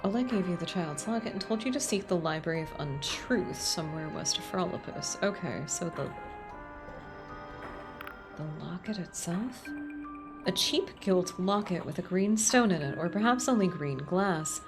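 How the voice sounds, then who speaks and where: A woman's voice: lowish voice, animated, moderate pace, music in the background. A woman streaming a game, chatting casually and reading the text aloud with emotional asides.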